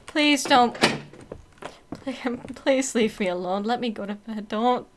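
A woman playing a horror game and commenting out loud, reading the text, swearing and reacting to scares. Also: fairly high pitch, slow pace, noisy background. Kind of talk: let's-play commentary.

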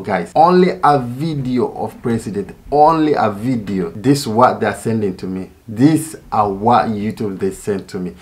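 A man talking casually to his viewers, frustrated, repeating himself and calling them "guys". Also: fairly low pitch. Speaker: YouTuber. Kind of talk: casual vlog talk to viewers.

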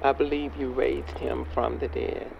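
A man's voice: mid-range voice, level tone, unhurried, vocal fry, a loud crowd. A man playing an earnest street preacher in a music video skit, solemnly leading a young man through a prayer, recorded on a dull lo-fi track outdoors with faint noise.

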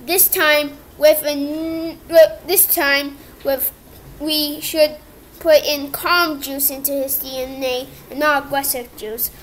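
A woman with a very high voice voices all the characters of a homemade cartoon. She talks slowly and stops often, restarting her lines as she improvises. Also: level tone, fairly bright tone, a little hiss or hum. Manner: halting, improvised, many restarts. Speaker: creator voicing all characters.

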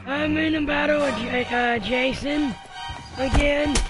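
High-voiced excitable gamer man. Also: a little slow, music in the background. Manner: excitable, laughs often, many uh fillers. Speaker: gaming streamer. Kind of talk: live game commentary with teammates.

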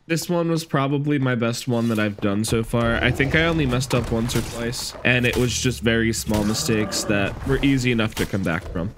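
A young man giving a relaxed, conversational voice-over guide to a video game boss fight. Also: medium pitch, background noise. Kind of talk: casual gameplay guide voice-over.

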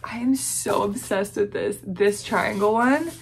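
Breathless and gushing, a young woman with a Southern US accent gasps her way through an unboxing vlog. Her medium-pitched voice is creaky and measured in pace, with a little hiss or hum behind it.

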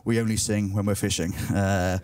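A man's voice: lowish voice, steady tone, normal speed, darkish tone, distant mic. A young man doing a stand-up comedy set, chatty and self-mocking, tripping over his words. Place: live comedy venue with audience.

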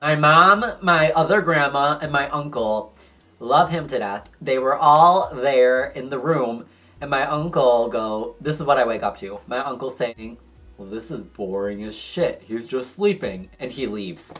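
A man tells a story straight to the camera in a loose vlog, swearing freely and bouncing between animated voices for each person in it. His pitch sits in a middle range. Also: a little slow. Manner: animated, profane, acts out quoted dialogue. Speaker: vlogger.

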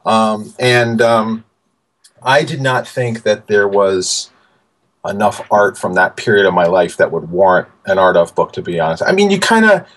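Animated man in his forties telling stories. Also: on the low side, moderate pace. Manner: animated, many fillers and restarts. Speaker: guest. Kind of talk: casual interview storytelling.

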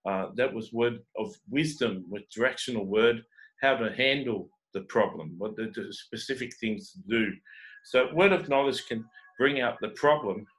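A man casually telling personal faith testimonies as an evangelist, pausing often with fillers and repeated words. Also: medium pitch, a bit bright, rough recording.

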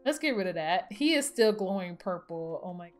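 A woman giving casual let's-play commentary, chatty and excitable, talking to her game characters as she plays. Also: fairly low pitch, normal speed, faint music behind. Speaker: gaming channel host.

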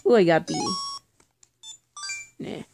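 Slow-talking woman over game music. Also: poor audio. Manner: chatty, exclaims at mistakes, makes playful sound effects. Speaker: let's play host. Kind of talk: casual gameplay commentary. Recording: game music playing behind.

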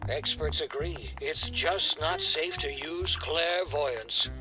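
An actor playing a pushy in-game shop vendor who pitches his wares, with game music behind. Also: slow, rough recording. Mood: salesy. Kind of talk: video game voice acting.

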